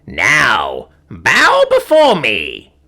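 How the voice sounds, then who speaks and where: A man voicing a pompous, skinny, big-headed alien man who talks down to everyone in a slow, haughty way. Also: medium pitch, huge pitch swings, creaky, sharp tone, exaggerated voice.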